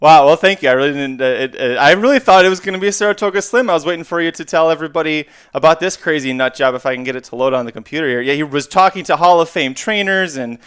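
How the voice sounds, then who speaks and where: A man hosting a casual podcast, relaxed and laughing along in friendly banter. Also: fairly high pitch, fast talker, few pauses, smooth. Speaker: podcast host.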